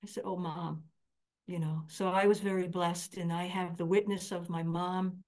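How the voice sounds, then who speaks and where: A middle-aged woman preaching a sermon, telling stories earnestly and raising her voice when quoting others. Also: lowish voice.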